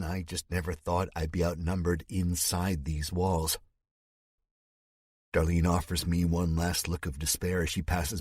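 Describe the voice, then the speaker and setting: A man narrating a thriller audiobook in the first person, in a measured, somber storytelling tone. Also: low voice, slightly rough, dry recording, studio quality.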